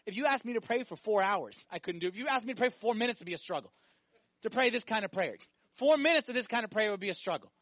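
High-voiced priest giving an animated sermon, dry dull sound. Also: male voice, fast talker, dry recording. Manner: animated, asks the congregation questions. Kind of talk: lively sermon.

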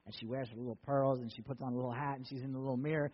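A male pastor preaching a sermon in a church, telling a story that swings between loud and soft. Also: mid-range voice, steady tone, very fast, few pauses, big-room sound, dull audio.

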